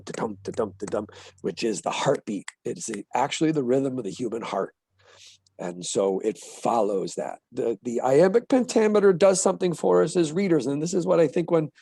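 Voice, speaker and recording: A man giving a book-talk lecture on a play, explaining with animated emphasis and tapping out rhythms aloud. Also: on the high side, husky, no room sound. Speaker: literature lecturer.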